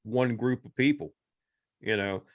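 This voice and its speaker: A podcast co-host chats casually, rambling through a movie retelling and animatedly acting out the characters' lines. His voice sits in the mid-range and moves at a measured pace, recorded dry with studio quality.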